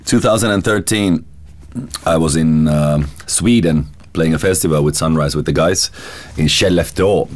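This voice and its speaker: Deep-voiced man telling stories. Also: normal speed. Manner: laughing, animated, swears casually. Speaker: guest musician. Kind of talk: casual storytelling.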